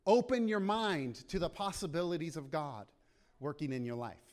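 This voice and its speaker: High-voiced, lively male preacher. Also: moderate pace. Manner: impassioned preaching, voices prayers aloud. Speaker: pastor. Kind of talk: sermon.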